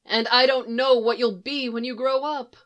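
A woman's voice: on the high side, fairly even intonation, moderate pace, fairly bright tone, voice pushed up, natural voice. A woman voicing a brash, frank middle-aged farm mother who is blunt and folksy. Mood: earnest.

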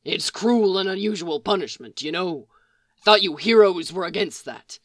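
A woman voicing a gruff, surly grown man, a captive brawler who growls blunt threats in a storybook reading. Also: lowish voice, lively intonation, normal speed, no room sound, clean studio sound.

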